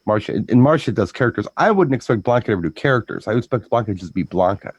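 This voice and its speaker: A man with a fairly low voice chats casually about his work as a DJ. He rambles and repeats himself as he talks. The recording sounds dry and close, with no room echo. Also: animated, husky, highs cut off. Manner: rambling storyteller, repeats words, breaks into quick impressions. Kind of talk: casual chat.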